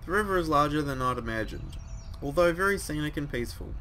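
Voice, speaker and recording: A man's voice: on the high side, animated, fast talker, sharp tone, slight background noise. A young man reading a visual novel aloud, breaking off into joking, sweary asides. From New Zealand. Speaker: let's play host.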